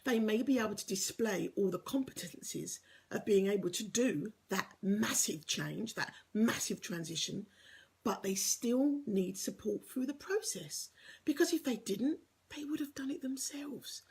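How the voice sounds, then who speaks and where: A woman's voice: medium pitch, lively intonation, unhurried, gravelly, darkish tone, slightly rough. A woman giving an earnest, encouraging motivational talk as a life coach, sometimes dropping to a whisper for emphasis.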